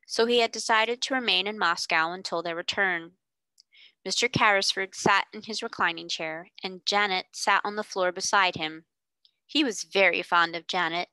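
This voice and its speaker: A woman reading a children's classic aloud in a clear, steady narration. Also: medium pitch, no room sound. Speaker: reader. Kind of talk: audiobook narration.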